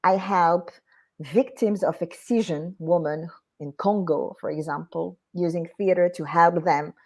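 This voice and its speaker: A woman's voice: lowish voice, steady tone, unhurried. A woman with a French accent, a native French speaker, speaking as an interview guest and executive coach in an earnest, explanatory way. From France.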